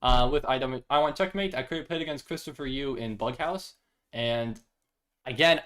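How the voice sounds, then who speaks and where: A man's voice: mid-range voice, a bit bright. A young man streaming chess, chatting casually, self-deprecating and thinking aloud. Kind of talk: casual live-stream chat.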